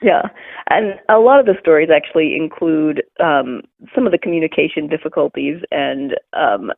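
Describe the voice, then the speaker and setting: A woman's voice: low-pitched, moderate pace, creaky, dry recording. A woman podcast host chatting attentively in an interview, responding and reflecting on the book. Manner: attentive, backchanneling, relaxed. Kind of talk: casual interview chat. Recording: dry phone-line sound.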